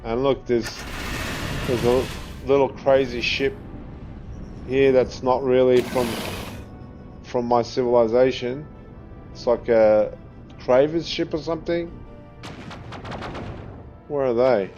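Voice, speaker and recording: A man's voice: medium pitch, fairly even intonation, slow pace, pauses often, a little mellow. An Australian man giving casual gameplay commentary, chatty, swearing freely and laughing often. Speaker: gaming video creator. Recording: slightly dull audio with faint game music. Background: faint game music.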